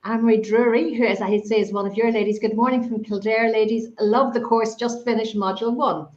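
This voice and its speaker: Irish woman host, slightly high voice, encouraging, reads comments; roomy, muffled call audio. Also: steady tone, brisk, a little mellow. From Ireland. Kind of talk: casual interview, reading viewer comments.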